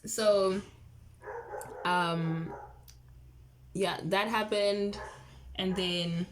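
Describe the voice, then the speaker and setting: A woman in her early twenties telling a personal story in a casual vlog, chatty and excitable, full of fillers and quoted dialogue. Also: mid-range voice, drawn-out words, background noise. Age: early 20s. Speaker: vlogger.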